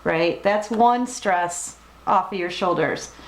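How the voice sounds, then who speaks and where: A woman giving a collective tarot reading, gently reassuring and emotional, speaking straight to the viewer. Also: fairly low pitch, slow pace, reverberant, poor audio. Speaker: tarot reader.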